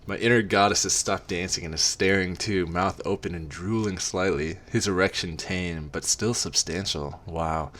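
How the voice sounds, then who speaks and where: A man's voice: low voice, normal speed, hardly any pauses, fairly bright tone. A man doing a comic reading of a romance parody, breaking off for mocking asides. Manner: mocking asides between read passages. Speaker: reader.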